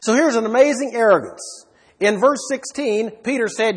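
A man's voice: extremely high pitch, moderate pace, breathy edge. A man preaching an expository sermon, emphatic and fond of rhetorical questions. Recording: long hall reverb.

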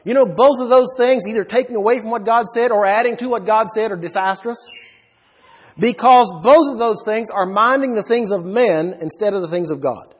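A man with a high, husky voice delivers an expository sermon. He is emphatic and poses rhetorical questions to his listeners. His words ring out with a long reverb, as in a large hall. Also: normal speed. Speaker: preacher.

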